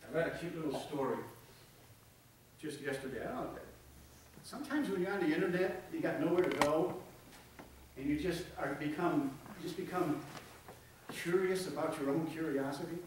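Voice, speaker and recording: A man preaching a sermon, telling a folksy story and dropping to a hush for emphasis. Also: a little high, moderate pace, pauses often, a little hiss or hum. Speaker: pastor. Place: church sanctuary. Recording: echoey church from far off.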